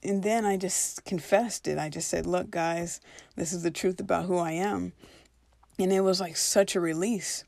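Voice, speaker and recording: Gravelly low-voiced woman telling her story. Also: steady tone, normal speed, a little mellow, no echo. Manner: earnest, reflective, acts out her own past reactions. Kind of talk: personal storytelling.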